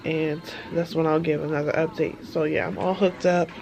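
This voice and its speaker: A woman's voice: sits low, flat delivery, normal speed, gravelly, noisy background. A woman chatting casually through a vlog update, with lots of fillers. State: out of breath. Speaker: vlogger. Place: car, then hospital room.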